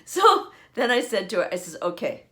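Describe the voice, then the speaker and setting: A woman's voice: fairly high pitch, big pitch swings, a little fast, bright, forceful tone. An older woman hosting her own show from home, telling a funny story casually and laughing often as she goes. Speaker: podcast host.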